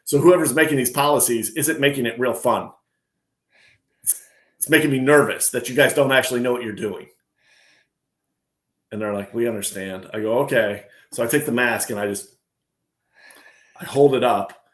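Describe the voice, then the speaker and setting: A man's voice: medium pitch, normal speed, pauses often. Ranting male podcast co-host, roomy sound. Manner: ranting, animated storytelling. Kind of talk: casual podcast banter. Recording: roomy echo.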